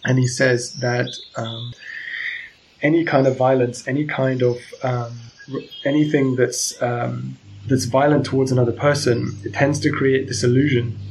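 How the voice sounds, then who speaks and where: A man's voice: mid-range voice, little pitch movement, moderate pace, vocal fry, darkish tone, slight background noise, rough recording. A man casually discussing novels, hesitant and full of ums and restarts. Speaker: book discussion presenter. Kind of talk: casual literary talk.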